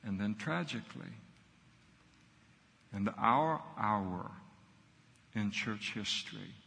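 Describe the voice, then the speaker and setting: A man's voice: fairly low pitch, expressive, slow, gravelly, bright, forceful tone, long reverb tail. A middle-aged man, a pastor, preaching a sermon earnestly and emphatically in short punchy phrases.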